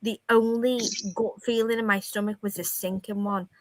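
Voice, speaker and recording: A woman's voice: mid-range voice, flat delivery, normal speed. A blunt woman on a casual live panel chat who swears and interrupts. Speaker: panel guest.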